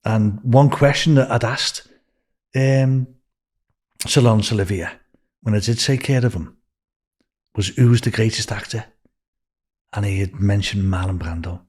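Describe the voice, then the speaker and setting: A man's voice: fairly low pitch, a little slow, pauses often, a little mellow, breathy edge. An older man with a Liverpool accent, a podcast guest telling long anecdotes with restarts and swearing. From England. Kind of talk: storytelling in a podcast interview.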